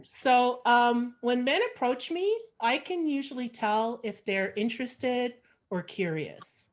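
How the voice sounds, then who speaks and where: A woman from Montreal with a Canadian accent does a frank, sardonic stand-up set over a video call, conversational and full of fillers. Her voice is a little high, and she takes her time.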